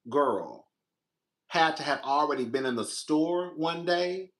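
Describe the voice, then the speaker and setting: A young man, the show's host, casually telling a personal story, animated, jumping into a high voice when he quotes his own reactions. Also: takes it slowly.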